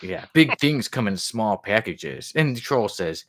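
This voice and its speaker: A man co-hosting a podcast, chatting casually about comics in a rambling way, chuckling and reading quotes aloud slowly. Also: fairly low pitch, animated, a bit bright, no room sound, studio quality. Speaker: podcast co-host.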